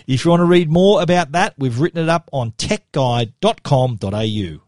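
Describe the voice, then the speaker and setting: A man's voice: a little high, expressive, moderate pace, darkish tone, dry recording, clean studio sound, soft background music. A man with an Australian accent hosting a tech podcast in an upbeat, chatty way, with frequent fillers and restarts. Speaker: podcast host. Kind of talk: casual podcast talk.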